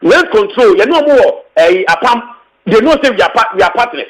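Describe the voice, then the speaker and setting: Speaking in Ghanaian-accented English, this tenants union secretary general delivers a fervent, forceful interview statement, returning to his points and dropping into local expressions. His very high, bright voice is highly animated and a little fast, captured on a rough recording.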